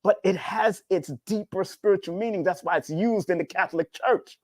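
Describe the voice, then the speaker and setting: A man giving a casual spiritual talk as a numerology teacher, preachy and repetitive, swinging his pitch up and down. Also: normal speed, no room sound, studio quality.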